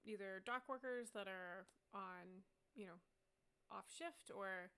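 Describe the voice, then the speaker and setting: A woman runs a tabletop game, describing scenes with plenty of fillers. Her voice is bright and forceful, with a gravelly fry underneath. Her pitch sits in a middle range. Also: takes it slowly. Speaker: game master.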